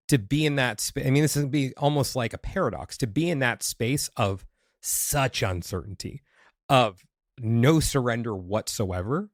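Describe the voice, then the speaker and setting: A man with a low voice hosts a conversational podcast. He speaks candidly, often pausing to find his words, and slips into playful asides. The sound is dry and close. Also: no echo. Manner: candid, thinks aloud with restarts and playful asides. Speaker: podcast host, past life regressionist. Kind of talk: casual conversation.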